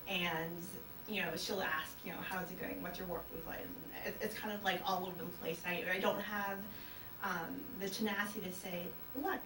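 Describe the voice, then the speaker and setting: A woman speaking as a hypnosis client in a casual interview, hesitant and full of fillers. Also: on the low side. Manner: hesitant, many fillers, self-conscious. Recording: roomy, distant mic, noisy background.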